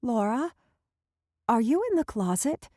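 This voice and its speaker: A woman's voice: a little high, lively intonation, normal speed, dark tone, dry recording, studio quality, pitched above the performer's own voice, lightly acted. A woman voicing a prim middle-aged mother who is earnest and easily scandalized, in an audiobook. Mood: flustered.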